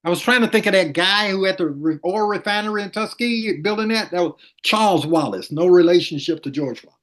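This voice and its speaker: A man's voice: high voice, brisk, a bit bright. An older man, a former attorney, reminiscing in a casual interview and acting out quoted lines in his anecdotes.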